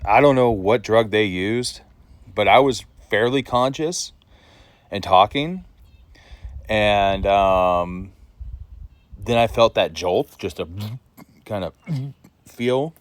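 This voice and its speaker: A man's voice: on the low side, slow, pauses often, no echo. A man vlogging to the camera, telling a story in a blunt, casual way and swearing freely.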